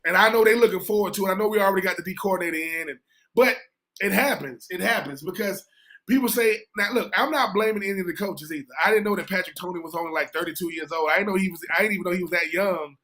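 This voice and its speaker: A former player talks football as a show guest. His voice is high for a man, and he is emphatic and informal, often repeating words as he gets going. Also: fast, bright, forceful tone. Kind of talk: casual radio sports talk.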